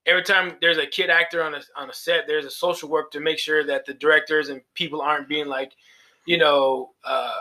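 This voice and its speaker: A man's voice: on the high side, level tone, fairly quick, bright, forceful tone, poor audio. A man co-hosting a podcast, chatting casually about horror movies in a rambling, profane way and laughing at his own jokes. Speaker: podcast co-host.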